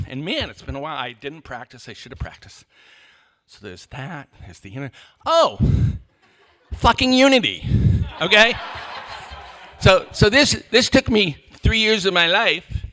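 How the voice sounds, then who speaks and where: Guy running a panel on stage, rambly and jokey, high bright voice, swears a lot. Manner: rambling, joking, self-interrupting, profane. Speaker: panel moderator. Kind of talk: stage rant at a conference panel. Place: conference hall stage.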